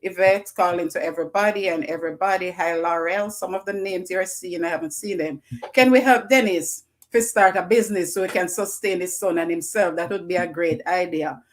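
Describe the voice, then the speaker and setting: A woman's voice: lowish voice, fairly quick. A Jamaican woman hosting a live stream, greeting her viewers one by one in an effusive, repetitive way. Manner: effusive, greets viewers by name, repeats phrases. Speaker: livestream host.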